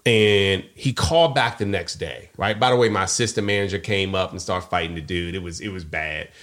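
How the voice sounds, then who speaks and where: A man's voice: sits low, brisk. A middle-aged man co-hosting a podcast, telling a personal story in a casual way and acting out the people in it. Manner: animated storyteller, acts out quoted voices. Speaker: podcast co-host.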